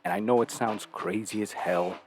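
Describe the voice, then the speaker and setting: A man's voice: lowish voice, steady tone, normal speed, soft background music. A man hosting a talk show, lecturing bluntly and profanely, full of rhetorical questions. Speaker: podcast host giving dating advice. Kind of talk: casual talk.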